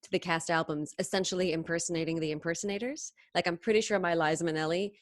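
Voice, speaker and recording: In a casual interview, a female singer and impressionist tells stories at a fast, animated clip, laughing and drifting into tangents. Her voice is on the low side, recorded cleanly in a studio with no echo.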